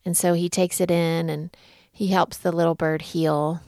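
A middle-aged woman hosting a podcast, telling a story and reflecting in a gentle, unhurried way. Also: fairly low pitch, level tone, no echo, studio quality. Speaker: podcast host. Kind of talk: reflective spoken talk.

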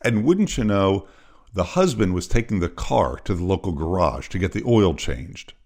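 Brief: low-voiced man telling a story on his podcast, expressive, plays all the parts. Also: moderate pace. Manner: animated storyteller, acts out voices. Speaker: podcast host.

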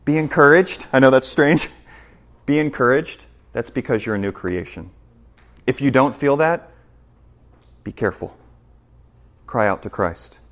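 A man preaching a sermon in a church as pastor, emphatic, shifting between loud passages and hushed ones. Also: mid-range voice, a little slow, long pauses.

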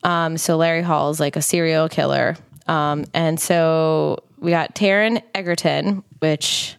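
A woman co-hosting a casual chat podcast, gushing and excitable, quick to swoon over what she sees. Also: low voice, creaky, smooth, dry recording, clean studio sound. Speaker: podcast co-host.

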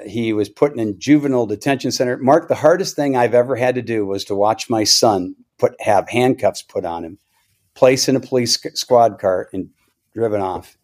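A man's voice: mid-range voice, moderate pace, darkish tone. Earnest middle-aged man telling a story. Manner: earnest, emphatic storytelling with repetitions. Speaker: church elder. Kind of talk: podcast conversation, personal story.

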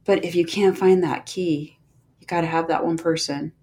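A middle-aged woman hosting a podcast, speaking slowly and gently with heartfelt encouragement and many pauses. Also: on the low side, fairly even intonation. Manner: gentle, slow and unhurried with pauses. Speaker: podcast host and movement coach. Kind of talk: reflective podcast monologue.

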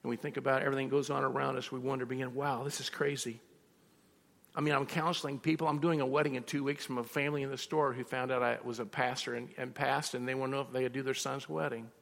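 A man's voice: medium pitch, fairly even intonation, quick pace, vocal fry, fairly bright tone. A man preaching a sermon as a pastor, telling personal stories and acting out both sides of conversations. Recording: reverberant hall.

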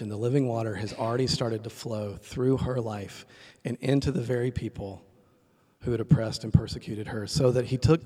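A man preaching a conversational sermon, retelling a story with lively quoted voices and closing in a soft prayer. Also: medium pitch. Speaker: pastor.

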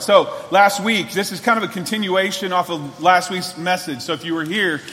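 A man's voice: high-pitched, steady tone, moderate pace, hardly any pauses, pushed and bright, long reverb tail. A man preaching a sermon to a church congregation, in an earnest, conversational way with frequent restarts. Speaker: pastor. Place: church hall.

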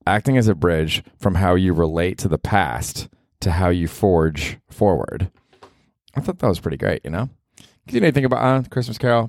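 Deep-voiced man rambling on a podcast. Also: a little mellow, dry recording, studio quality. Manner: rambling, profane, self-deprecating. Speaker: podcast host. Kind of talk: solo podcast monologue.

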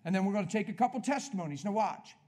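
A man preaching at a healing service in an energetic, conversational way, coaching the congregation with quick questions. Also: high voice. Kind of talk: sermon.

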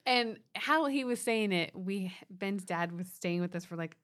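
A woman's voice: mid-range voice, a little slow, a bit bright. A woman in her thirties co-hosting a podcast, chatting and explaining parenting advice. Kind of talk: casual conversational advice.

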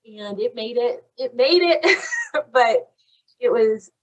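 A young woman casually telling a long story on a chat podcast, animated and saying "like" constantly. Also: on the high side, slow pace. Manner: animated, fills talk with "like". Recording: voice a bit far from the mic.

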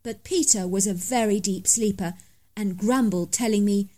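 A woman's voice: mid-range voice, moderate pace, mellow. A woman reading a first-person story aloud as scripted narration, in a dramatic, emphatic manner.

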